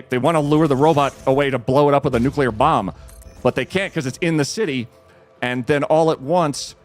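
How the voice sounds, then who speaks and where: Excitable male streamer retelling a story. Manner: excited retelling, frequent restarts, dramatic jumps in pitch. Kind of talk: animated storytelling while gaming. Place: home.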